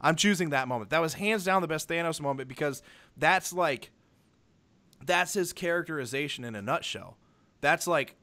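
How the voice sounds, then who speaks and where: His voice sits on the high side, bright and forceful, animated but at normal speed. This young adult man co-hosts a podcast, rambling through a casual film review and performing his favourite scenes.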